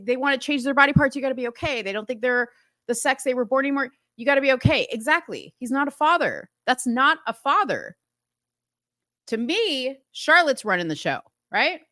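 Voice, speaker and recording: A woman's voice: fairly high pitch, a bit bright, dry recording, studio quality. A woman hosting a talk show, giving indignant, incredulous commentary on a TV episode with laughing asides. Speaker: host.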